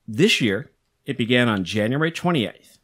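Lively, chatty male podcast co-host. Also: mid-range voice, normal speed. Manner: explains facts in a chatty, teasing way. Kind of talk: casual podcast chat.

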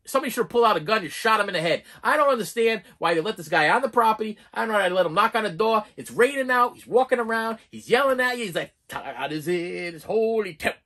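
Man, casual film reviewer, rambling, excitable, bright tone, high voice. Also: racing, hardly any pauses. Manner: excitable, rambling, with many restarts and fillers. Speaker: movie reviewer.

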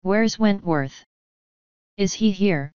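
A frantic farm mother in a storybook, voiced by a woman reader, urgent and demanding. Her words come slower and weighty. The sound is dry and a bit dull. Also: on the low side, a little mellow, clean tone, no echo, lightly acted.

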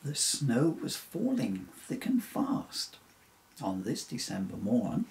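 A man reading a rhyming children's story aloud, unhurried and sing-song. His voice has a gravelly grain and swings widely up and down as he tells it. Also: medium pitch, huge pitch swings, darkish tone, rough recording.

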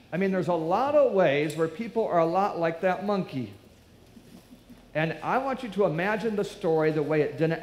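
A man with a slightly high, darkish voice delivers a sermon in church, narrating a story and voicing the people in it. The sound carries the echo of a church hall.

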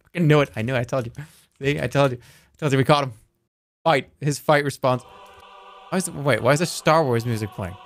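A man streaming a game, chatting casually and joking as he reacts out loud to what happens. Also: mid-range voice, fairly quick, pauses often, no room sound. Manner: playful, jokey, reacts out loud, swears. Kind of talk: casual live-stream gameplay commentary.

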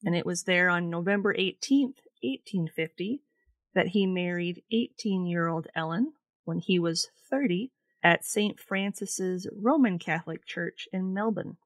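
Low-voiced woman podcast host. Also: unhurried, no room sound. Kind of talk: casual podcast chat, reading notes.

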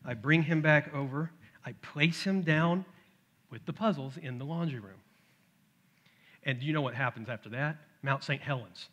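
Brief: middle-aged male pastor, higher-pitched and bright voice, animated storyteller in a church sermon. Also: moderate pace, muffled recording. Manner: animated storytelling, acts out his toddler's shouts. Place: church sanctuary.

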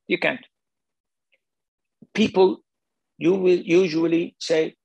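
Blunt, gravelly older sheikh. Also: male voice, a little high, expressive, slow pace, long pauses, a little mellow, no room sound, highs cut off. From Saudi Arabia. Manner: blunt, sarcastic, argumentative. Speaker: Islamic scholar, sheikh. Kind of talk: religious lecture.

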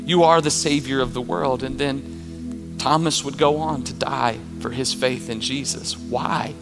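A man's voice: medium pitch, fairly even intonation, measured pace, vocal fry. A man preaching an emphatic, passionate sermon as pastor of his church. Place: church auditorium. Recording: long church reverb with music.

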